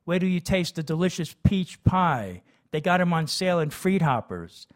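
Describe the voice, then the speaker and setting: A gruff, blustering dad who jokes and brags in a loud, raised voice, as a male storyteller puts him on. His talk is brash and offhand, slightly higher than the reader's own voice. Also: sing-song, normal speed. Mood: boastful. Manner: brash and joking. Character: gruff, blustering working-class father.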